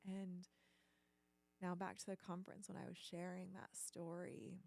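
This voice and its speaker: A woman hosting a business channel, telling a personal story in an earnest, halting way with lots of fillers. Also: lowish voice, little pitch movement, gravelly, darkish tone.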